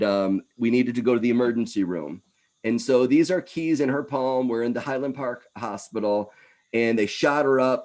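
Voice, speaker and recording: A man in his fifties giving an energetic wellness presentation, animated and talking in quick bursts. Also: medium pitch. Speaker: wellness speaker. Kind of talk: presentation talk.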